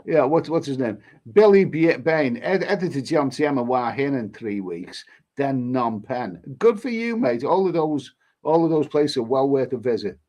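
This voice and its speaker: A man's voice: medium pitch, lively intonation, moderate pace, darkish tone. Guy on a livestream reading out comments, rambly, keeps repeating himself. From England. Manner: rambling, repeats phrases, frequent restarts. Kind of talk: casual live-stream chat.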